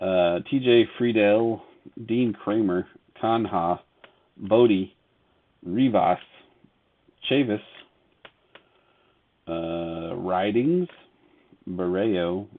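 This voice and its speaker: A man's voice: lowish voice, extremely slow, pauses often. A man hosting a casual live sports card break, reading out player names and chatting with viewers. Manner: reads player names off cards in a running list; laughs often, chats with viewers between cards. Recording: tinny phone-like audio.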